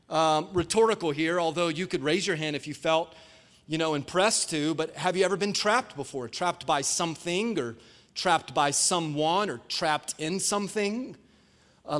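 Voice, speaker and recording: A man preaching a sermon as pastor to a live congregation, energetic and calling for the crowd's response. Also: high voice. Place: church sanctuary before a live congregation.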